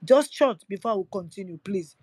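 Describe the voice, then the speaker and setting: In a very noisy recording, a woman hosting a livestream delivers an impassioned activist address, urging listeners in a fervent, repetitive way. Her mid-range voice is expressive and a little fast.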